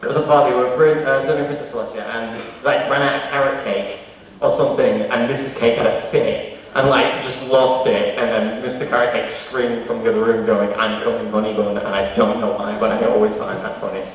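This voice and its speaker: A man's voice: medium pitch, steady tone, brisk, recorded from a distance. Man rambling in an echoey hall. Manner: rambling, laughs at his own stories. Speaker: panel guest. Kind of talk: casual panel talk. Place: large convention hall. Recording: echoey hall heard from afar.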